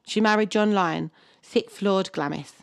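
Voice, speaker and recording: A woman's voice: medium pitch, measured pace, vocal fry, no echo. A woman co-hosting a podcast, reading a historical story from a script and stopping to banter and laugh over place names. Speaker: podcast co-host.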